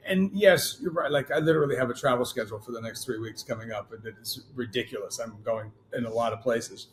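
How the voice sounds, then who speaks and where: A man speaking at an everyday middle pitch as a guest in a relaxed interview. He rambles eagerly, stumbling and restarting his sentences as he goes. A light background hiss sits under his voice. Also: fast. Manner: rambling, many restarts, enthusiastic. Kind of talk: casual interview chat.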